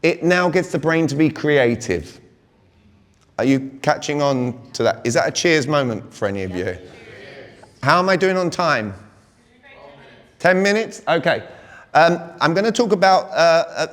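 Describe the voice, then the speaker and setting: Speaking at normal speed in a voice on the high side, a British coach addresses a sales crowd in a large hall, his words ringing with reverb. The live seminar talk is lively, and he keeps firing rhetorical questions at the audience.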